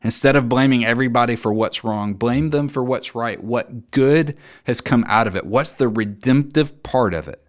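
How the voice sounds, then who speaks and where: A man preaching a sermon, earnest and emphatic, reading scripture aloud and dropping low and soft to land his key points. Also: normal speed, few pauses. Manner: reads scripture aloud and acts out quoted voices.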